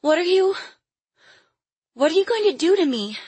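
A woman's voice: unhurried, fairly bright tone, dry recording. A woman voicing a terrified, pleading little girl in an audiobook. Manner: high, shrill, pleading.

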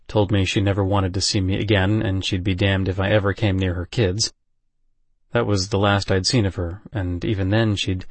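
Low-voiced man narrating an audiobook. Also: dry recording. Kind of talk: first-person audiobook narration.

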